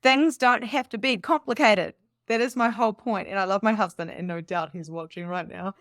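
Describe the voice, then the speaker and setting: A woman spiritual coach talks in a loose, unscripted monologue, jumping between thoughts with easy laughter. Her pitch sits in the middle for a woman, and her delivery is animated and enthusiastic. The sound is dry and close, with no room echo. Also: fairly quick. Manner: chatty and rambling, laughs often.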